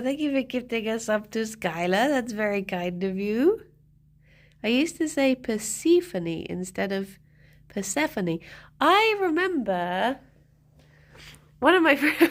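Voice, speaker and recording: A woman live-streaming and chatting casually with her viewers, laughing often and talking to her pets. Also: high-pitched. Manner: giggly, chatty, talks to pets and chat.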